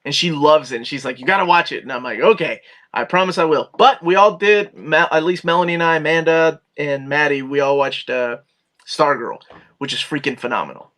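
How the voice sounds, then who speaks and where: Man, host, live Q&A, reads chat aloud, bright tone, fairly high voice. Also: a little fast.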